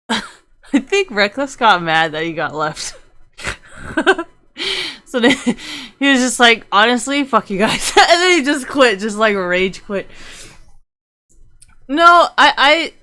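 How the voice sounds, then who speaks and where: A woman's voice: medium pitch, sing-song, unhurried, a bit bright. A young woman streamer giving rambling, profane, casual commentary on a game, laughing often.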